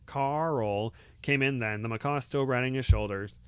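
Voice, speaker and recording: A man reading a novel aloud in a steady way, with small slips and restarts. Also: medium pitch, unhurried, clear, resonant tone, no room sound. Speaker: reader.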